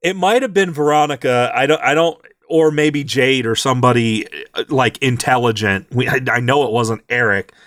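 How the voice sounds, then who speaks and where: A man co-hosting a podcast, casually recapping a tabletop game session and acting out the characters' lines in quick, animated asides. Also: medium pitch, dry recording, studio quality. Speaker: podcast co-host.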